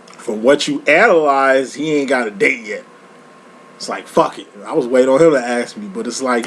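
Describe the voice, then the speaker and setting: A man in the middle of a tarot reading, swearing freely and leaning on street slang as he spins a story for the listener. His voice sits at an ordinary middle pitch, with a faint hum of noise behind him. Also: normal speed. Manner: profane, slangy, animated storytelling. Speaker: tarot reader. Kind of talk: casual tarot reading monologue. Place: lives in Chicago.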